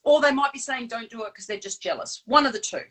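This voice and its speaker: Chatty high-voiced woman. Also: fast talker, low-quality recording. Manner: chatty, animated, with frequent fillers and laughs. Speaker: co-host. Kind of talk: casual live-stream chat.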